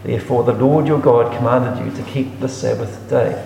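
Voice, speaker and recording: A man's voice: mid-range voice, fairly even intonation, moderate pace, vocal fry, mellow, slight background noise. A man reading Bible passages aloud and explaining them in a reflective teaching manner. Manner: reads scripture aloud then explains it, reflective. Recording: echoey room with long reverb.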